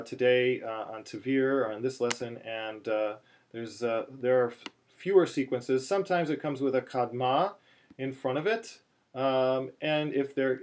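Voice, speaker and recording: A man teaching a chanting lesson, talking slowly through many fillers and restarts, then breaking into short chanted phrases. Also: medium pitch, a little mellow. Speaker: cantillation teacher. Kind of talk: chanting lesson, spoken explanation with chanted examples. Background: phone ringing in the background.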